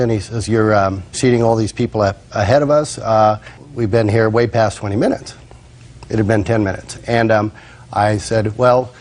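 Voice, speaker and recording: A man's voice: on the low side, a little mellow. A man, a restaurant manager, testifying as a witness in court, hesitant with many fillers.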